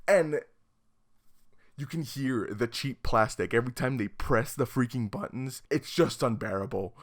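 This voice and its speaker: A man's voice: medium pitch, measured pace. A man giving sarcastic, exasperated comedic commentary as a YouTuber.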